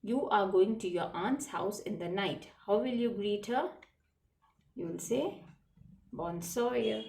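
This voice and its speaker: A teacher, a woman with a middle-pitched, gravelly, slightly mellow voice, leads children through a slow classroom lesson on French words, patiently spelling each one letter by letter. She stands away from the microphone, so her voice comes through distant in a roomy, echoing space.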